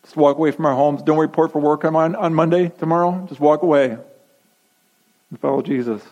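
A man's voice: on the high side, fairly even intonation, a little fast, darkish tone, rough recording. A man preaching a sermon, emphatic and repetitive, posing rhetorical questions to his congregation. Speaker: pastor.

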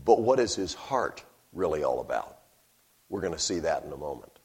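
Preacher guy, husky, lively voice that jumps all over, wry jokes. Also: very deep voice, moderate pace. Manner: animated, wry storytelling with sudden emphatic bursts. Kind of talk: sermon.

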